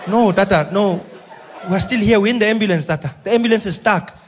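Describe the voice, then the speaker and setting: A man's voice: sits high, brisk, slight background noise, voice pushed up, close to an everyday voice. A man on stage voicing a panicky young ambulance driver who pleads anxiously. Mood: pleading.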